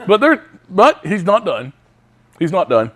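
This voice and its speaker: Animated man teaching a Bible study. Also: high-pitched, unhurried. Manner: animated, reads scripture aloud with emphasis.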